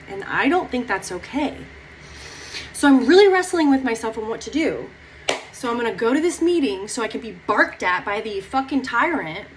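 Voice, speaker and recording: A woman's voice: a little high, slight background noise, poor audio. A young woman talking through her feelings in a rambling personal vlog, close to tears, swearing casually. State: near tears. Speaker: vlogger.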